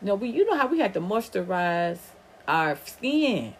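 A woman's voice: medium pitch, very animated, moderate pace, slight background noise. A woman from the American South with an Atlanta drawl, hosting a casual livestream podcast in a profane, rambling way. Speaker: podcast host.

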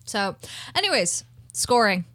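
A woman co-hosting an anime podcast, talking casually in a halting way with many restarts. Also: mid-range voice, very animated, a bit bright, no room sound, clean studio sound. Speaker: podcast co-host. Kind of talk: casual podcast review chat.

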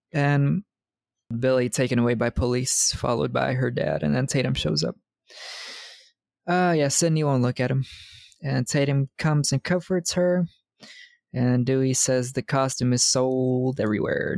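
A man's voice: mid-range voice, vocal fry, dry recording. A man in his twenties recapping a film on a podcast in casual, profane chat, laughing often. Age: 20s.

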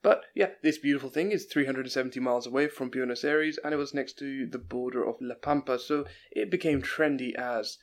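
A man's voice: mid-range voice, a little fast, few pauses. A man co-hosting a casual travel podcast, rambling and joking as he talks. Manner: rambling, jokey, laughs often. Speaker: podcast co-host. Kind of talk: casual chat.

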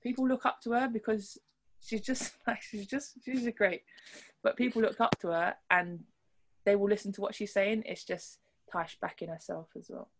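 A woman's voice: mid-range voice, fairly even intonation, normal speed, slight background noise. Earnest woman rugby player in interview. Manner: earnest, thoughtful, frequent restarts. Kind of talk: interview conversation.

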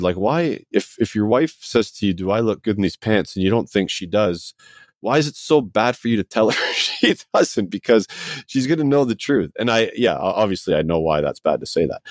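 Deep-voiced joking man, dry sound. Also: dry recording. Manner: friendly, joking, stumbles over words. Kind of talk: casual conversation.

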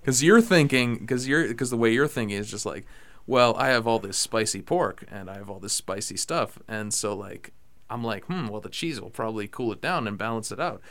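A young man hosting a casual podcast chat, rambling with many fillers and getting excitable about food. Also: fairly low pitch, fairly quick. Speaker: podcast host.

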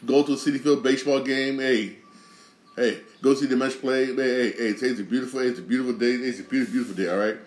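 A man's voice: medium pitch, fairly even intonation, fast talker. Rambling podcast man in a roomy echo. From Connecticut. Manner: rambling, repeats himself, swears freely. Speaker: podcast host. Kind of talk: casual solo podcast monologue.

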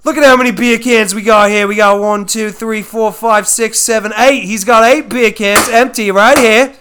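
An excitable Australian wildlife showman, as a man puts him on, booming and raised far above his own speaking pitch. He rattles off hammy, profane nature-show narration in a clear, smooth voice. The put-on Australian accent rides on constant bursts of excitement. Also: normal speed. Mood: rowdy. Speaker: podcast co-host.

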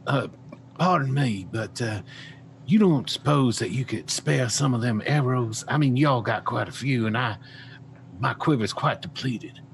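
A man's voice: medium pitch, lively intonation, measured pace, creaky, a little hiss or hum. A man doing a folksy adventurer. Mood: polite.

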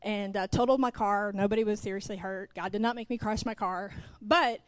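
A woman's voice: medium pitch, fairly even intonation, a little fast, no room sound. A middle-aged woman preaching a sermon from the pulpit. She tells a personal story, acts out the dialogue and speaks straight to the congregation. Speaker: pastor's wife, preacher.

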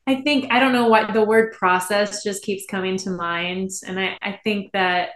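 A woman's voice: mid-range voice, steady tone, moderate pace, fairly bright tone. A young adult woman, a guest on a podcast, talking in an earnest, thoughtful way. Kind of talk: casual podcast conversation. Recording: echoey room.

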